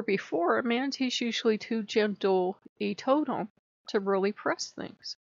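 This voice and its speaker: A woman's voice: fairly high pitch, expressive, moderate pace, gravelly, dry recording. A woman vlogging in a rambling, chatty way, often laughing as she talks. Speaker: spiritual vlogger. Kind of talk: casual chat. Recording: dry, slightly muffled lo-fi.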